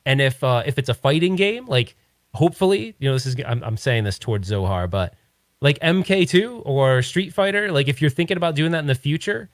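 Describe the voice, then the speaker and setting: A man's voice: on the high side, expressive, fairly quick, no echo, clean studio sound. A man hosting a podcast, talking in a rambling, opinionated, casual way. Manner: rambling, opinionated, many restarts. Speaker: podcast host. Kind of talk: casual chat.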